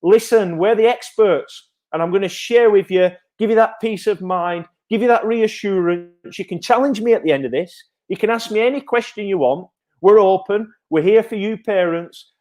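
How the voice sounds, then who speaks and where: A man, a childcare provider giving parents an energetic, reassuring live update. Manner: energetic, repetitive, upbeat sales-pitch reassurance.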